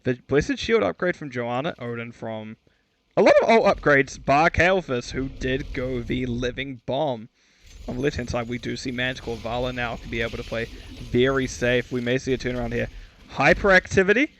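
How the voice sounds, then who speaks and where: A man's voice: mid-range voice, normal speed, slight background noise. A man calling a video game match alone, in a mid-range voice. He talks in a chatty, joking way and stumbles over names before correcting himself. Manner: chatty, self-mocking, trips over names. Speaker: esports caster. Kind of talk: solo game commentary.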